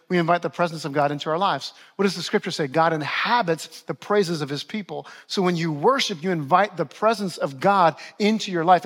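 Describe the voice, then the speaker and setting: A man's voice: fairly high pitch, slightly rough. A man in his forties, a pastor preaching a sermon, repeating key phrases and asking the congregation questions.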